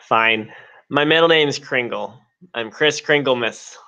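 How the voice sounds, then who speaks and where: Guy cohosting a live stream, slow drawling bright voice, fake dramatic whining, kinda dull lo-fi audio. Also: mid-range voice. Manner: mock-dramatic, self-pitying whine. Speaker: co-host. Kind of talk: joking live stream chat.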